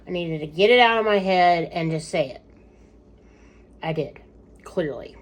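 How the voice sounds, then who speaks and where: A woman's voice: sits low, normal speed, pauses often. A middle-aged woman chatting casually to camera with updates about her husband, rambling with lots of fillers and asides.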